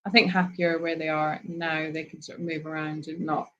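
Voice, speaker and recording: Woman, lowish voice, soft-spoken, hesitant, many ums, reads viewer comments, live-stream chat. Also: little pitch movement, normal speed, lo-fi sound, slight background noise. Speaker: sanctuary team member reading viewer comments on a live Q&A.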